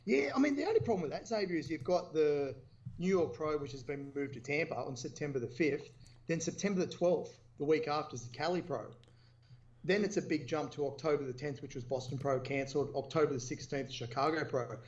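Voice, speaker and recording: A man's voice: a little high, fairly quick, darkish tone. A man co-hosting a podcast in easygoing casual chat. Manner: easygoing, talks through details. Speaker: co-host. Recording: muffled lo-fi remote audio.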